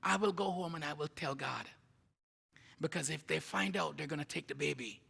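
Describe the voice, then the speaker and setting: A woman's voice: low-pitched, moderate pace, vocal fry, fairly bright tone, husky, voice pushed down, exaggerated voice. A man voicing a firm, devout old grandmother. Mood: urgent hushing. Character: elderly Jamaican grandmother, calm, firm, devout. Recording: reverberant church hall.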